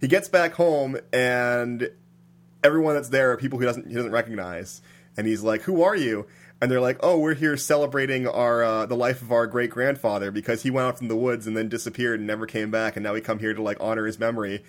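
A man's voice: mid-range voice, a little fast. A man casually recapping a film plot for his co-hosts, laughing at how absurd it is and filling his talk with "like". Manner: animated storyteller, many "like"s, laughing at absurdity. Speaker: podcast co-host recapping a film. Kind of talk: casual chat.

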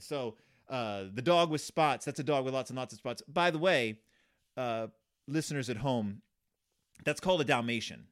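With a medium-pitched, animated, slightly bright voice at normal speed, a man hosts a podcast mocking a children's book. He rambles sarcastically for laughs, with frequent fillers and restarts.

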